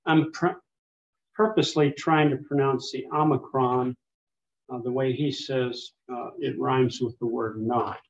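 A Greek teacher leads a small class in biblical Greek, patiently explaining and pronouncing words for students to repeat, with fillers and restarts along the way. His voice is medium in pitch, fairly even in intonation, a little slow, with vocal fry. The classroom recording is dull and lo-fi.

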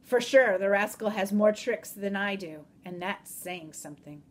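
A woman reading aloud in the voice of a mysterious, teasing wandering man with calm, old-country phrasing. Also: medium pitch, normal speed, natural voice. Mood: coaxing. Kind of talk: audiobook reading.

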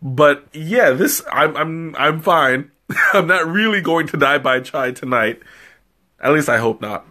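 His voice sits fairly high, bright and forceful, expressive yet a little slow. On a live stream he samples tea in loose, rambling chat, often giggling and making fun of himself as the spicy brew sets his nose running.

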